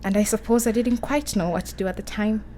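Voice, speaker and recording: A woman's voice: mid-range voice, fast, warm tone, a little hiss or hum, lightly acted. A woman playing a romantic, emotional young English woman in a radio play, talking in a breathless, girlish way. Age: young adult.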